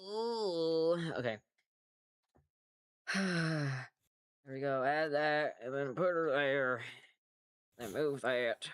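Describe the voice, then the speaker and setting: This artist streamer has a low, smooth voice and speaks extremely slowly, pausing often. Drawing on a livestream, she chats casually in a rambling, self-mocking way, swears freely and sounds tired.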